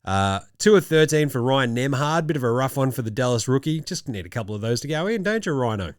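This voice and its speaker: A man's voice: medium pitch, big pitch swings, fast talker, dry recording, studio quality. Jokey Australian man talking hoops. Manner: jokey, rattling off stats. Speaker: host. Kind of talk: casual chat.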